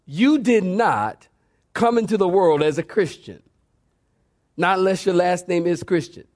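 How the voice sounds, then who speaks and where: A male pastor preaching a sermon to a congregation, swinging between soft emphasis and fervent, high-pitched exhortation, sweating as he goes. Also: expressive, measured pace. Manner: preaching with rising fervor and dramatic pitch swings. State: sweating from exertion.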